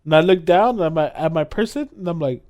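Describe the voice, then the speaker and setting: A man's voice: fairly high pitch, animated, a little fast, darkish tone, no room sound, clean studio sound. A young man co-hosting a podcast, telling a drunk story in casual chat, swearing often and acting out the quotes with bursts of laughter. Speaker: podcast co-host.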